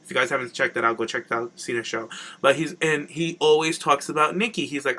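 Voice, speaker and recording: A man co-hosting a casual chat show, animated and swearing freely, often mimicking other people in mock voices. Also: a little high, a little fast. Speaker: podcast co-host.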